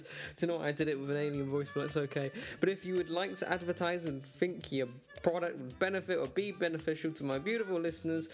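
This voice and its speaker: A man's voice: on the high side, fast talker. A man hosting a casual solo podcast from his bedroom, rambling and joking about himself and laughing often. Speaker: podcast host.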